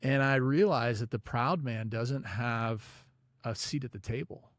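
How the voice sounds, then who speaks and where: This is a man telling a personal story about faith as a guest on a podcast, referring to God and prayer. His delivery is informal, filled with "you know" and "like," in a relaxed interview. He has a mid-range voice at a measured pace, captured in clean studio sound without echo.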